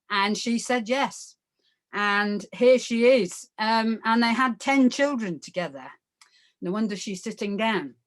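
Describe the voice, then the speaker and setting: A woman's voice: medium pitch, a bit bright. A woman giving an art history lecture in a conversational way, full of fillers and asides, often checking in with her listeners. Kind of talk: illustrated lecture.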